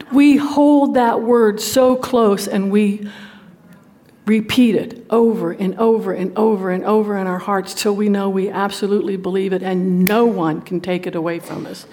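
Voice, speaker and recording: A woman with a Southern US accent teaching a women's Bible study, folksy and playful, reading scripture slowly. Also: mid-range voice, mellow, a little hiss or hum. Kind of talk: Bible teaching to a live group.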